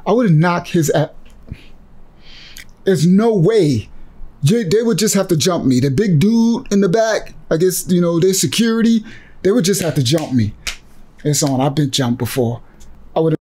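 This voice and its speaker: A man's voice: high-pitched, animated, moderate pace, pauses often, mellow. A man leading a ministry, giving impassioned religious commentary on a clip he has just watched, agitated and emotional as he preaches. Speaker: ministry leader reacting to a video clip.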